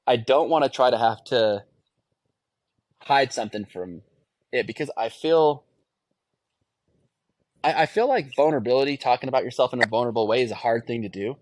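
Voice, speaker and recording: A man in his thirties, interviewed as a guest, speaks earnestly and thoughtfully in a mid-range, slightly mellow voice at normal speed. He pauses often and restarts phrases, and there's a faint hiss or hum in this candid conversational recording.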